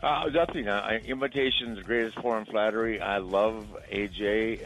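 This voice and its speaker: A man's voice: lowish voice, normal speed, few pauses, a bit bright, faint music behind, poor audio. An older man hosting a podcast, rambling through chuckling anecdotes in casual chat. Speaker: podcast host.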